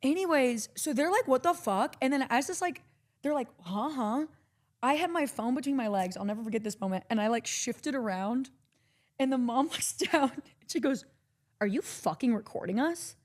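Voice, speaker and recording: A woman's voice: sits high, moderate pace. A young woman from Texas telling a long story in casual chat, acting out every quote and swearing freely. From Corpus Christi, Texas. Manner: animated, acts out quotes, swears a lot.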